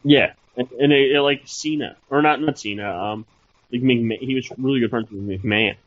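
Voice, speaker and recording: A man's voice: medium pitch, steady tone, brisk, no echo. Hesitant man on a lo-fi podcast. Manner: hesitant, restarts, wry. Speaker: podcast co-host. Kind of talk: casual wrestling podcast chat. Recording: dull lo-fi dry sound.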